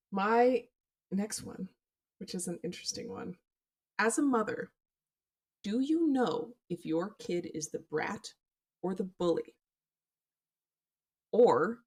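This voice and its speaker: A young woman co-hosting a podcast, telling stories in an animated way and swearing casually. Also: mid-range voice, slow, long pauses, breathy edge. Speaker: podcast co-host. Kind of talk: casual chat.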